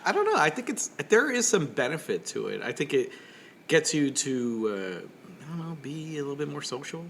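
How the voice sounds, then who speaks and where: A man's voice: a little high, very animated, normal speed, a bit bright, slight background noise. A man co-hosting a podcast in casual chat, rambling and joking with lots of fillers and restarts. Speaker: podcast co-host.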